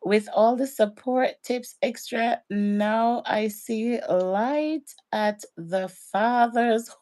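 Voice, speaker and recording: Chatty female livestream host, fairly high voice, reads viewer comments. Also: very slow, a little mellow. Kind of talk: casual livestream chat.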